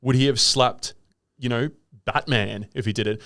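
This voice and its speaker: A man's voice: mid-range voice, moderate pace, fairly bright tone, no echo, clean studio sound. A man co-hosting a podcast in casual, rambling chat, riffing and throwing in impressions. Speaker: podcast co-host.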